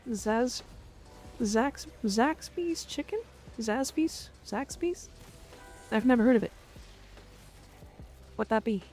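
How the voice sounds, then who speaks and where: A woman's voice: fairly high pitch, expressive, slow pace, pauses often, darkish tone, soft background music. A young woman streaming live, chatting playfully with her viewers and answering their comments. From Canada. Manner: playful, reads chat aloud and answers it, growls "rawr" at viewers. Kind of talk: casual live-stream chat.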